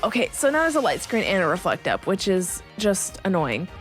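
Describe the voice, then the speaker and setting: A young woman giving bubbly, animated gameplay commentary as a video creator, laughing often. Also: mid-range voice, a little fast, soft background music.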